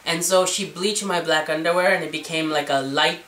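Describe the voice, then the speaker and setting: A man's voice: on the high side, steady tone, brisk, pushed and bright. Chatty self-deprecating guy in his 40s with a whiny voice, sounds distant, room echo. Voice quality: girly, whiny voice. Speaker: vlogger. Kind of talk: storytelling vlog. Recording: echoey room, away from the mic.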